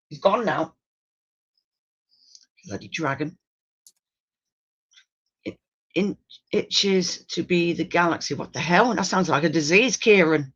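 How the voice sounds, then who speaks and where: A woman's voice: on the low side, lively intonation, slow, long pauses, fairly bright tone, husky. A woman in casual conversation who mutters blunt remarks and mild curses to herself. Her voice sounds dull and muffled, as if picked up from a little way off the mic. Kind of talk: casual chat.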